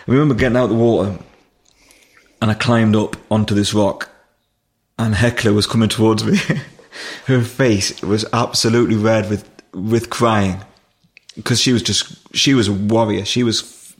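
Gravelly and lowish, the flat voice of a Durham-born podcast guest breaks into halting, emotional storytelling about his own life, full of restarts, in conversation.

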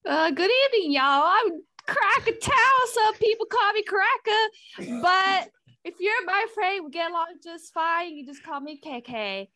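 A woman's voice: very high-pitched, expressive, measured pace, sharp tone, full character voice. A woman voicing a folksy country ukulele player with a put-on Southern US drawl. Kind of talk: tabletop role-play.

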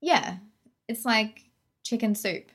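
A woman's voice: on the high side, takes it slowly. A woman, chatting casually and animatedly about a film she loved. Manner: animated, chatty, laughs often. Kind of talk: casual film review chat.

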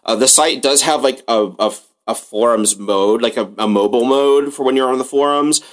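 A man's voice: mid-range voice, normal speed. A man co-hosting a podcast in casual chat, rambling with lots of filler words. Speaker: podcast co-host.

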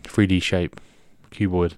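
A man's voice: sits low, flat delivery, slow pace, darkish tone, a little hiss or hum. A man co-hosting a podcast, joking around and breaking into laughter. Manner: jokey, bursts into song and laughter. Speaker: podcast co-host. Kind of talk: casual podcast chat.

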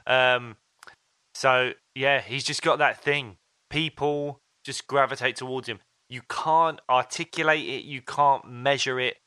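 A man's voice: medium pitch, steady tone, measured pace, pushed and bright, clean tone, no room sound. A man co-hosting a podcast, telling stories in a chatty, casual way with fillers and quoted asides. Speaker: podcast co-host. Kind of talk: casual chat.

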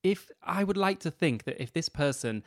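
A young man co-hosting a podcast in casual chat, measured and reassuring with a gently teasing edge. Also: fairly high pitch, lively intonation, dry recording, clean studio sound. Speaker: podcast co-host.

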